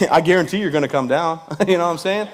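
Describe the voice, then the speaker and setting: With a brisk pace and a slightly high voice, a veteran guest speaker in his thirties gives a humorous storytelling speech. He engages the audience directly and energetically and laughs at his own jokes.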